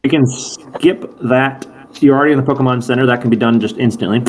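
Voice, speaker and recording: Casual man game master, mid pitch, chatty narration over a call. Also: fairly even intonation, quick pace, darkish tone, a little hiss or hum. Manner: casual, rambling, self-correcting.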